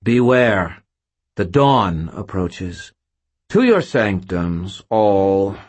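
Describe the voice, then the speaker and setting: Man doing a scornful ghostly noblewoman, pitched high, husky, lively swoops, audiobook. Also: moderate pace. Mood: imperious. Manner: imperious, contemptuous. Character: haughty female spirit lady seeking a body. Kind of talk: audiobook narration.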